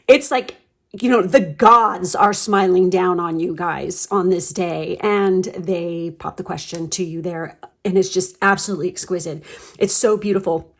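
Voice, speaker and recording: A woman's voice: on the low side, measured pace. Gushing, chatty woman reading tarot. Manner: chatty, rambling, gushing with fillers and swearing. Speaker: tarot reader. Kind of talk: casual pick-a-card tarot reading.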